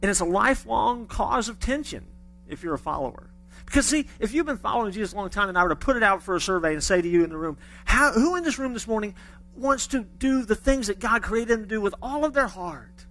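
A male pastor preaching in a church, his voice pitched high and bright. he talks to the room like a conversation, cracks jokes, and often restarts his sentences. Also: animated, fast, soft background music. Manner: conversational preaching, with humorous asides and repeated restarts. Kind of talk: sermon.

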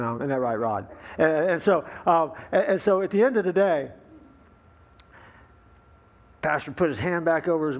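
A male pastor preaching a sermon, opening with a folksy joke, with fillers and easy asides. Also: fairly high pitch.

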